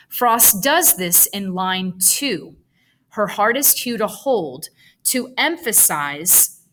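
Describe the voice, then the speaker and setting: Woman teacher talking slow, working out a paragraph out loud, mid pitch. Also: slight background noise, poor audio. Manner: slow, deliberate, drafting sentences aloud. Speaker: writing teacher. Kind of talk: writing lesson, thinking aloud.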